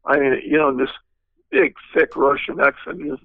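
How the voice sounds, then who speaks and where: A man's voice: fairly high pitch, huge pitch swings, brisk, creaky, no room sound, narrow, tinny audio. An older man, a guest car designer, telling long rambling anecdotes with many fillers in an interview. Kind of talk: storytelling interview.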